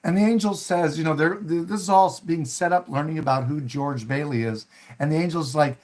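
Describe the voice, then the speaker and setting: Talking briskly in a slightly higher-than-usual, somewhat mellow voice, a male host rambles casually about a film he loves. Fillers and restarted sentences break up his speech often, and he gets louder to perform the characters' lines whenever he quotes them.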